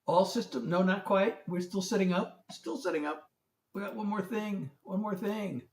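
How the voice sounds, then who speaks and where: This singer-songwriter is far from his phone's mic, so his high, moderately paced voice sounds off-mic in the echoey home room lit by a ring light. Hosting his own music livestream, he chats casually, calls out viewers by name and struggles with the setup.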